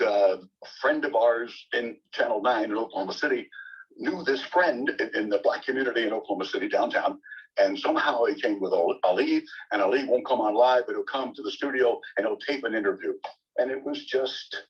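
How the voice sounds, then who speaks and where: An older man, a sportscaster guest, telling long animated anecdotes in conversation, often repeating words as he starts sentences. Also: mid-range voice, fairly quick, breathy edge. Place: bookstore event. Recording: distant, dull lo-fi audio.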